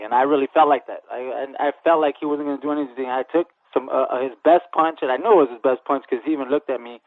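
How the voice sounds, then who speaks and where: A professional boxer answers in a rapid, earnest flow and restarts his sentences with repeated words. His voice comes through dry and narrow, like a phone line. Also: medium pitch, no room sound. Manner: quick, earnest, repeats words when starting. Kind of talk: casual interview answers. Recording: tinny phone-like radio sound, dry.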